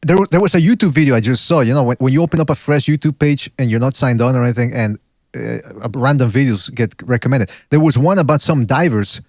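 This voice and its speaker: Guy hosting a podcast, talks fast, jokes around, cusses, keeps saying man. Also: mid-range voice, a little mellow, no echo, clean studio sound. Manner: joking, swears often, says "man" a lot. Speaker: podcast host. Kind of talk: casual chat.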